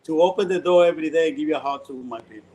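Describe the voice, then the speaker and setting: A man's voice: a little high, rapid-fire, a little mellow, slight background noise, rough recording. A man who owns a cigar lounge, talking in a casual interview and telling stories animatedly in broken English.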